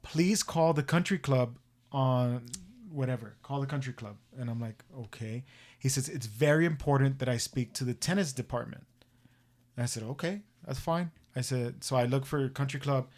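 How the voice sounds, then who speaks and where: A man hosting a podcast, telling a story in a casual, profane, animated way and acting out the voices he quotes. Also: medium pitch, brisk. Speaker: podcast host.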